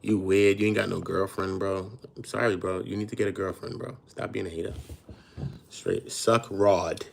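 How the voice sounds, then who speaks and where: Gravelly guy on a livestream, low voice, brags a lot, blunt street slang. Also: fairly even intonation, a little fast, few pauses, slight background noise. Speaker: livestream host. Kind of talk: casual livestream chat.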